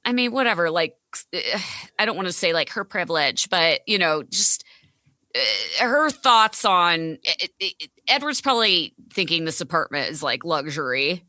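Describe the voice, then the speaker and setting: Woman guest, bright and animated, blunt, swears, dry close sound. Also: lowish voice, measured pace, dry recording. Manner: ranting, blunt, swears freely. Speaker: podcast guest. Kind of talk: casual chat recapping reality TV.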